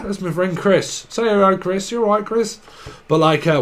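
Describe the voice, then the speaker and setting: In a high-pitched, expressive voice at a measured pace, a man delivers a loose tarot reading. It's a rambling channelling monologue of free-associated wordplay, punctuated by giggly asides as he laughs at himself.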